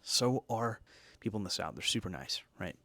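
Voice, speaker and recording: A man's voice: lowish voice, sing-song, moderate pace, sharp tone, dry recording. A man hosting a casual talk, chatty and jokey, full of asides and tag questions. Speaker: host reviewing energy drinks and decks. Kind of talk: casual chat.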